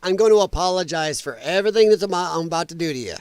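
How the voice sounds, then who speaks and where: A man's voice: on the high side, lively intonation, fast, a little mellow, clean tone, no echo. A middle-aged man hosting a podcast, reacting to clips with mocking comments, exclamations and frequent laughs. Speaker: host.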